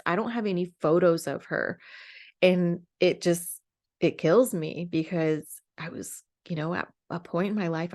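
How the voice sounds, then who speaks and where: Low-voiced woman sharing a personal story. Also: darkish tone. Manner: candid, emotional, rambling with many fillers. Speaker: podcast host.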